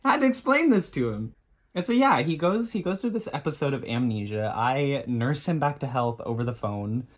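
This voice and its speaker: A young man in a storytime vlog, talking in an everyday mid-range voice. He tells the tale with lively, self-deprecating energy and casual swearing. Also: mid-range voice, moderate pace. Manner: animated, self-mocking, swears freely. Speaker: vlogger.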